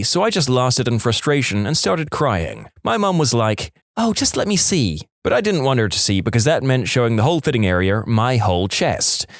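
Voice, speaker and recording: Man narrating internet stories, lively pitch, dry close sound, expressive. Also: no echo. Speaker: story narrator. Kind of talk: reading internet stories aloud.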